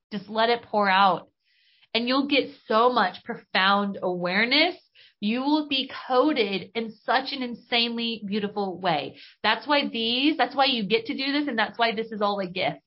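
A woman with a slightly high voice talks enthusiastically through a spiritual coaching monologue. She is bubbly and casual and drops in mild slang. The recording sounds dull and lo-fi. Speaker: podcast host and business coach.

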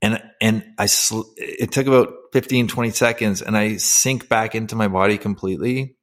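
A man's voice: on the low side, steady tone, normal speed. A middle-aged man, a former pro athlete and podcast guest, telling his personal story candidly and emotionally, with many fillers and restarts.

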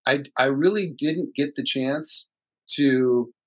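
A man co-hosting a casual podcast, speaking reflectively and haltingly with restarts, recorded in a hall. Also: mid-range voice. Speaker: podcast co-host.

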